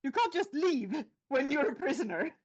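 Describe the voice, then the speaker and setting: A woman's voice: sits high, very animated, moderate pace, a little mellow, no room sound, voice pushed up. A woman voicing a casual, easygoing male king who speaks in an offhand way. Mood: fretful. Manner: breezy, offhand. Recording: lo-fi podcast audio.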